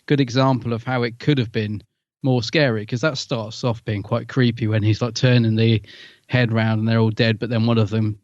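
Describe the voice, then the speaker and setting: A man co-hosting a podcast, thinking aloud in an easygoing chat and often trailing off. His voice sits at a middle pitch. The recording is dull and lo-fi, with no room echo. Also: little pitch movement, normal speed, darkish tone. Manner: thoughtful, musing, often trails off. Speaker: podcast co-host. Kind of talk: casual chat reviewing an episode.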